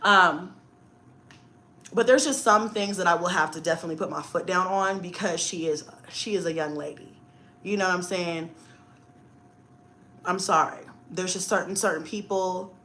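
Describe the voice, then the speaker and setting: Forty-something woman on a live stream, bright sharp voice, animated storytelling, cusses a lot, talks right to the viewers. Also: on the low side, normal speed, long pauses, a little hiss or hum. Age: 40s. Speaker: livestream host. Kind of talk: casual livestream chat.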